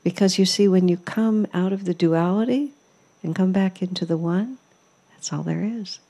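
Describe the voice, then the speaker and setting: Woman, spiritual teacher, low voice, soft mellow tone, storytelling talk. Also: moderate pace. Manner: warm storytelling, amused, reflective. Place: ashram hall.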